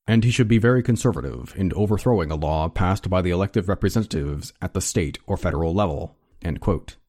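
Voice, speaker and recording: A man reading a nonfiction history book aloud as an audiobook narrator, in a measured tone. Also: sits low, dry recording, clean studio sound. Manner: measured, reads quotations in an even tone.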